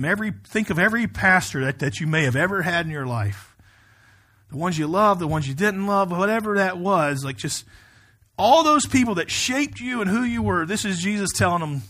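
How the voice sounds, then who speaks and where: A pastor preaching a sermon, reading scripture aloud and explaining it in a conversational, emphatic way. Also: male voice, a little high, fairly bright tone, breathy edge.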